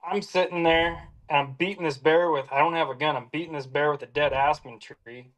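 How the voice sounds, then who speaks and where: A man telling a hunting story in a casual, lively way, acting out the lines he quotes. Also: on the high side, a little fast. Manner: animated, acts out quoted lines. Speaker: hound hunter telling a story.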